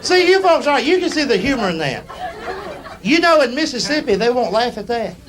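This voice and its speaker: A middle-aged comedian from the United States drawls out folksy stand-up stories to a live comedy club crowd in an extremely high, sing-song, brisk voice. Captured live on a stage mic, the recording has crowd noise and laughter throughout.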